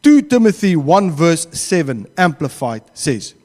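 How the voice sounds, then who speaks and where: A man's voice: high voice, unhurried, long reverb tail. A man with a South African accent preaching a sermon in a church, acting out the quotes he tells. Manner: animated, acts out quotes.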